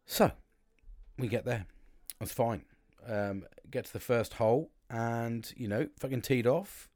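A British man talks casually into his podcast mic, rambling, restarting and swearing freely as he tells a story. His voice sits at a middle pitch, and the recording is dry and close with no room sound. He talks at an easy, chatty pace. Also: a little slow, darkish tone, no echo. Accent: British English. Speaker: podcast host.

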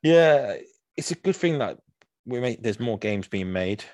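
A man's voice: medium pitch, lively intonation, a little slow, a little mellow, no echo. A man co-hosting a podcast, chatting casually and rambling with many restarts. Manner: rambling, restarts often, says "man" a lot. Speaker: podcast co-host. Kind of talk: casual chat.

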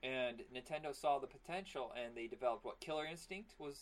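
A man's voice: mid-range voice, brisk. A man co-hosting a casual podcast, rambling and joking, his voice strained and partly worn out. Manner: rambling and jokey, prone to silly voices. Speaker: podcast co-host. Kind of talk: casual chat.

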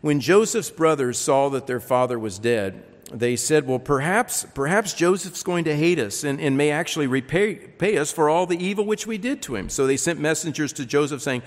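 A man preaching a sermon, reading scripture aloud with lively emphasis and frequent repeated words. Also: a little high, moderate pace. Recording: long reverb.

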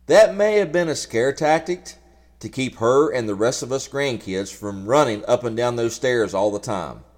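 A man hosting a recording of family memories, telling stories in a relaxed, folksy way. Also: medium pitch, big-room sound. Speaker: host presenting family memories. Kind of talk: casual storytelling.

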